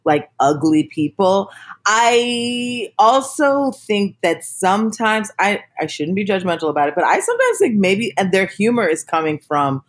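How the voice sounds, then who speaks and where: A woman comedian chatting as a podcast guest, animated and laughing, often acting out the voices of people she quotes. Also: medium pitch, a little slow. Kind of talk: casual podcast chat.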